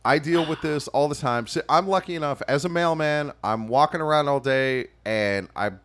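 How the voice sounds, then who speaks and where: A man's voice: a little high, normal speed, fairly bright tone. A man co-hosting a casual comedy podcast, joking crudely and slipping into mock-announcer asides. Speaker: podcast co-host.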